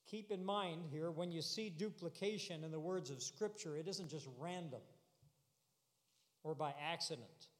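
High-voiced preacher in a reverberant hall. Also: male voice, normal speed. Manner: earnest, builds to emphatic repeated declarations. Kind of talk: sermon.

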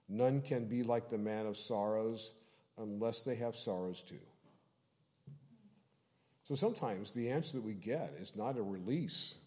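A man preaching an expository sermon, explaining scripture in a measured way and slowing down to stress key phrases. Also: lowish voice, darkish tone. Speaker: pastor.

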